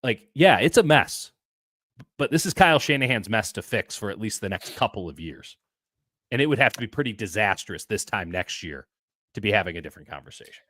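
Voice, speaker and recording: A man's voice: on the low side, animated, a little fast, fairly bright tone, no echo, clean studio sound. Fired-up man ranting about football. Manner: emphatic, blunt, repeats himself when revving up. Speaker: sports columnist co-host. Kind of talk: heated postgame sports analysis.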